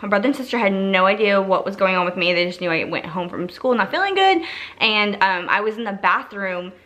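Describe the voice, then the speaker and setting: Bright-voiced young woman telling a story. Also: mid-range voice, animated, brisk. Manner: chatty, many "like" fillers, acts out quotes. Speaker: vlogger. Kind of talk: casual storytime vlog.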